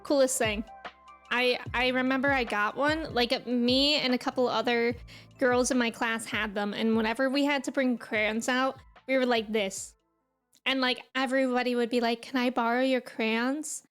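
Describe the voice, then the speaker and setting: A woman's voice: a little high, fairly even intonation, moderate pace, a bit bright, faint music behind. A young woman from New England, a streamer casually chatting and reminiscing while reading and answering her live chat.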